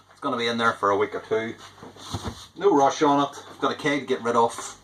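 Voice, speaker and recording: A man's voice: medium pitch, brisk, fairly bright tone, a little hiss or hum, poor audio. A man chatting casually through a home-brewing vlog, rambling and poking fun at himself. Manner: chatty, rambling, self-deprecating. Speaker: homebrewer.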